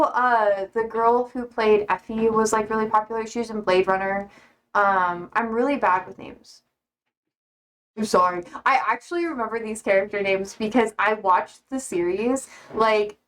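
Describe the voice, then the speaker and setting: A young American woman streaming, rambling casually with many fillers and swear words, jumping high in pitch when she quotes people. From United States. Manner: animated, jumps high for quoted voices. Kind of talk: casual chat with chat readers.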